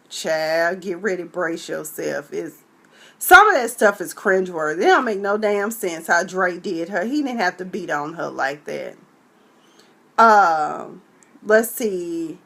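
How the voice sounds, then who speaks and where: Animated chatty woman vlogger. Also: medium pitch. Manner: animated, chatty, mimics voices. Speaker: vlog host. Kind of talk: casual live-stream chat.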